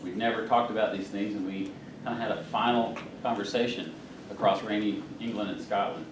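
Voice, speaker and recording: A man's voice: lowish voice, steady tone, brisk, background noise. A middle-aged man from North Carolina, giving a humorous storytelling talk as a guest speaker at a club meeting. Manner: folksy, humorous storyteller, chuckles through punchlines. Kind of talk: storytelling speech. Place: meeting hall. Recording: roomy, distant room mic.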